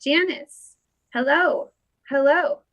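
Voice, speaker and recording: A woman's voice: high-pitched, slow pace, dull audio. A woman hosting a casual livestream, playfully greeting viewers by name as she chats. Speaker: livestream host.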